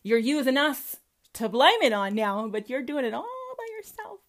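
Her high voice is very animated as she speaks at a moderate pace. A commentator from the Southern United States with a Southern accent, she rants to camera about religion, combative and profane, throwing out rhetorical question after rhetorical question.

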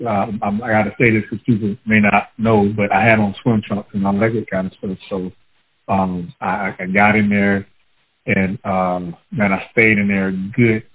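A man with children telling a personal story in a casual, animated way, acting out his own past words with laughter. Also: fairly low pitch, husky, poor audio. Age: adult with children.

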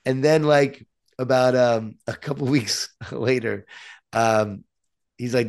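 A middle-aged man chatting casually about raising his kids. He tells his stories with animated energy and acts out the quoted lines. His pitch sits in the middle range. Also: unhurried. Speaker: parent guest. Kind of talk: casual conversation.

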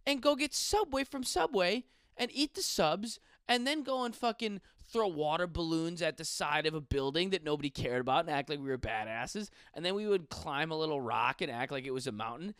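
Animated, profane young comedian man. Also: a little high, fairly quick, clear, resonant tone, no room sound, clean studio sound. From western New York. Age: 20s. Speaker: stand-up comedian. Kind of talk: casual podcast rant.

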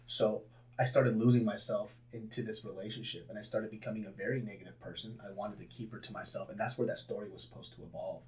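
A young man talking candidly in a casual interview, swearing freely and breaking into loud laughs as he tells stories about himself. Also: on the low side, fairly even intonation, fast talker. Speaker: podcast guest, comedian.

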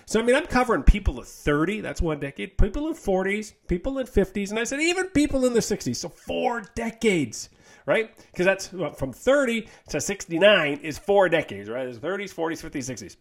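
A man with a slightly high voice rants on his podcast, blunt and profane. His pitch leaps around with animated emphasis. He mocks the people he complains about without holding back. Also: fast talker. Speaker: health coach and podcast host. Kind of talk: casual podcast rant.

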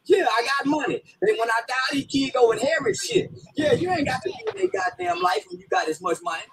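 A man's voice: extremely high pitch, big pitch swings, fast, creaky, noisy background. A man ranting profanely and comically, laughing and half-crying through his words. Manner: rants, laughing as he talks. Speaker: commentator in a played clip.

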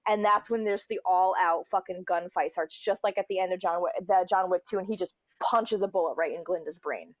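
A woman's voice: medium pitch, brisk, few pauses, no echo, muffled recording. A woman casually and animatedly improvising a story, with many fillers.

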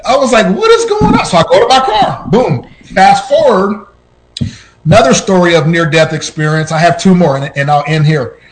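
A man with a high-pitched voice recounts his own near-death experiences. He talks with lots of restarts and gets animated, his voice jumping up at the tense parts. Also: normal speed, slight background noise, poor audio. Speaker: podcast guest. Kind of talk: personal storytelling.

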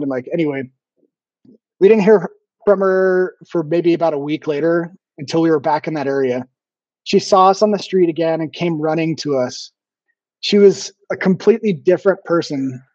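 A man with a slightly raised voice tells stories as a podcast guest, pausing often on ums and restarting his sentences. The recording sounds dull and lo-fi, with a dry, close sound and no room echo. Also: on the high side, darkish tone. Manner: halting, frequent ums and restarts. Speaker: podcast guest, former missionary. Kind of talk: casual interview storytelling.

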